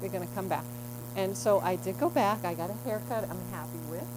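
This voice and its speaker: A woman's voice: mid-range voice, brisk, music in the background, low-quality recording. A middle-aged woman telling a rambling, chatty story in a stand-up set at an open mic.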